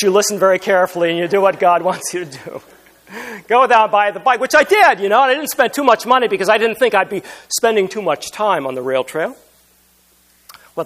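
A man's voice: sits high, fairly bright tone. A man preaching a sermon as pastor, telling humorous, self-deprecating stories.

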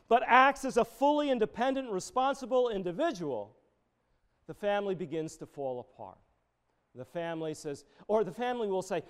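A man's voice: high-pitched, clean tone. A middle-aged man, a pastor, preaching a conversational sermon full of personal stories.

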